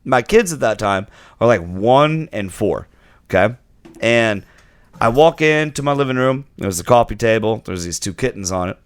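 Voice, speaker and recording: In clean audio free of echo, this man speaks at a moderate pace in a mid-range voice. He's co-hosting a podcast, spinning a casual story with lively energy and voicing the characters he quotes.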